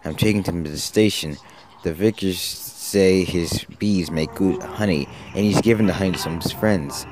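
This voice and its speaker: A man's voice: low-pitched, normal speed, over music, lightly acted. A man voicing a cheerful old male traction engine that talks in an easygoing way.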